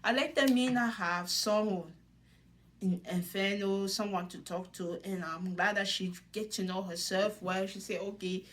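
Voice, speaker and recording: A woman's voice: mid-range voice, fairly even intonation, unhurried, fairly bright tone. A young woman casually recapping a reality show, chatty, laughing often and acting out what people said. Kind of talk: casual commentary.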